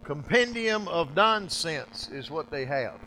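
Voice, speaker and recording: High, bright-voiced male preacher. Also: animated, slow pace, slight background noise, low-quality recording. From United States. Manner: emphatic, repetitive preaching with sudden drops and swells in loudness. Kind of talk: sermon.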